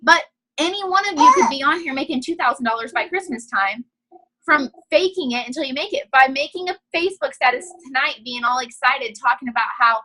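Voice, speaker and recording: High, bright-voiced chatty woman. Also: lively intonation, fairly quick, slight background noise, low-quality recording. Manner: chatty, upbeat, says "freaking" and "you know"; breaks off to quiet her child. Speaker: guest trainer. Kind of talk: casual training talk.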